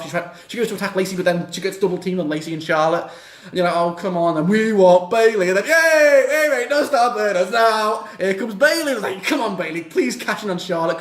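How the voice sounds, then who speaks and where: A young man, chatting casually and excitably, swearing as he reacts. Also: high voice, reverberant. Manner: excitable, swears, mocks and acts out the wrestlers in little quips. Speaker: reaction vlogger. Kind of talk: casual chat.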